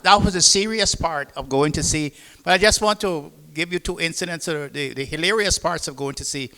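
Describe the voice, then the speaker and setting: An older man from the Cayman Islands with a Caymanian accent, telling lively seafaring anecdotes to an audience at a public talk. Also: a little high, long reverb tail. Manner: lively anecdotal storytelling with acted-out dialogue. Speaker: retired seafarer on a panel. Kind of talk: storytelling to an audience.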